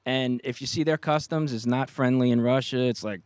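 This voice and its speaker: Middle-aged New York man, storyteller, mid pitch, dry close sound. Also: fairly quick, smooth, no echo. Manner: animated anecdotes, acts out quoted voices, laughs often. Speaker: guest, retired police officer. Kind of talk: casual storytelling.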